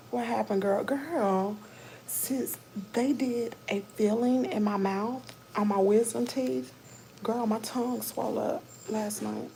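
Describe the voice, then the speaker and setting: A woman with a Southern accent talks anxiously into her phone from a dentist's chair, calling her viewers y'all and sinking into whispers. Her voice has a gravelly edge, and a faint hiss sits under the recording. She sounds casual and scared at once. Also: a little high, steady tone, unhurried, warm tone, poor audio. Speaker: vlogger livestreaming from a dentist's office. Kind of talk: casual live chat to viewers. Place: dentist's exam room. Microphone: phone held close.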